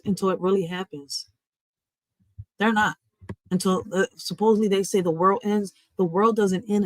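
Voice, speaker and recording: A woman's voice: mid-range voice, dry recording, poor audio. A woman, hosting a livestream from home in an impassioned, preachy rant, swearing freely. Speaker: livestream host.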